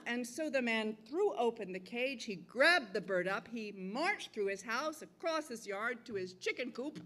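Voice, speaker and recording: A middle-aged woman storyteller telling a folktale live in a museum theater, with dramatic, expressive delivery. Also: fairly high pitch, measured pace, few pauses. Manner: expressive, dramatic shifts between calm and loud.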